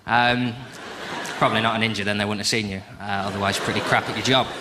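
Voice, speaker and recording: A man in his thirties with a Northern English accent, doing a self-deprecating stand-up routine with wry, quick asides. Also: lowish voice, steady tone. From England. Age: 30s. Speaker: stand-up comedian. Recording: noisy live stage recording. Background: audience laughter.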